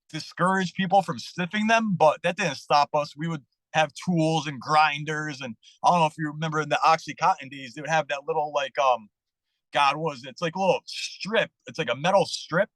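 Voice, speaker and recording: A man telling his story as a podcast guest in a candid, profane, animated way. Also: fairly high pitch, no room sound, rough recording. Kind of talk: casual storytelling interview.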